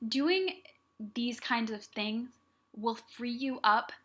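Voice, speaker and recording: A young woman hosts her own podcast and talks alone to her listeners. Her voice is bright and sits a little high. She sounds earnest and encouraging, speaking directly to the audience. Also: lively intonation, slow. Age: young adult. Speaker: podcast host. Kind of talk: solo motivational talk.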